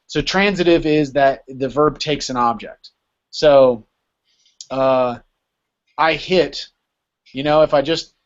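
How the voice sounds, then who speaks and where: A man teaching a Greek class in a casual lecture style, often checking in with "right?" as he explains. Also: fairly high pitch. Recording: dull lo-fi recording.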